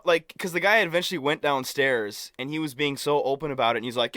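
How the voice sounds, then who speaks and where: A man's voice: fairly high pitch, quick pace, no echo, studio quality. A man co-hosting a podcast, animatedly retelling a story, swearing and acting out what others said. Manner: animated, swears, acts out quotes. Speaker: podcast co-host. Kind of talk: casual storytelling.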